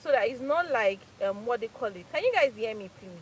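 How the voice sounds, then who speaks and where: A woman's voice: a little high, lively intonation, brisk, slight background noise, rough recording. A Nigerian woman in her thirties from Port Harcourt, hosting a casual live chat, laughing often and repeating phrases for emphasis. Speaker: live stream host.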